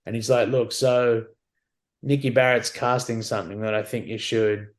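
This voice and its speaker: A man's voice: medium pitch, little pitch movement, moderate pace. A man, a podcast guest, telling stories casually and animatedly, swearing and acting out the dialogue. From Australia. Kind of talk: casual storytelling.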